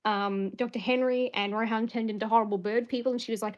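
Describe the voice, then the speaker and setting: A woman's voice: mid-range voice, steady tone, a little fast, hardly any pauses, highs cut off. Woman rambling thru a recap of last game night, jokey, lots of ums. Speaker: player recapping a session. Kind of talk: casual session recap.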